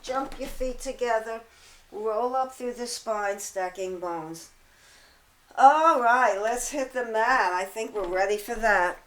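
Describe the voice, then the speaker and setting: A woman teaching a pilates mat class, counting reps and cueing breath with a slightly hoarse voice and chatty asides. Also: medium pitch, reverberant, poor audio. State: throat-clearing, hoarse from allergies. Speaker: pilates instructor. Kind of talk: guided workout instruction.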